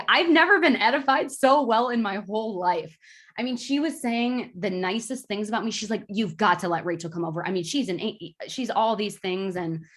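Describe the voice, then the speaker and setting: A young woman who works as an insurance agent, talking in an excited, effusive way in an interview. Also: medium pitch. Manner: bubbly, effusive, quick bursts.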